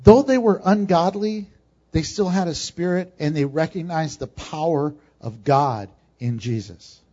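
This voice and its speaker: A man preaching a sermon, swinging from emphatic, rising peaks to quiet, joking asides. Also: fairly high pitch, a little slow. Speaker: pastor. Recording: dull lo-fi sound.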